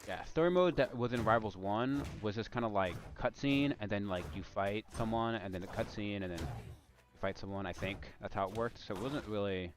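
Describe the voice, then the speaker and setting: A man's voice: lowish voice, normal speed, faint music behind. A man streaming ranked matches in casual gaming chat, rambling and often trailing off and restarting mid-sentence.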